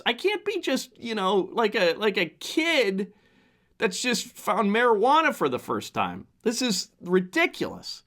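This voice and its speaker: A man of fifty, hoarse from the flu, hosting a casual solo podcast monologue into a desk mic and rambling with many restarts. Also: high voice, a bit bright. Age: 50s. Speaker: podcast host.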